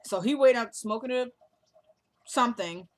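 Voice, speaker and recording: A woman's voice: a little high, normal speed. A woman walks through a TV episode in an easy, casual recap vlog, talking straight to the people watching. She retells the scenes and the characters' lines in her own chatty way, with plenty of asides to her viewers.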